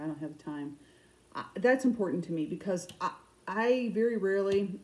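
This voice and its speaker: A middle-aged woman with a Michigan accent, chatting fast and loosely to camera about her cross stitch projects, often restarting her sentences. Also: fairly low pitch, dark tone, low-quality recording. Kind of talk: casual chat to camera.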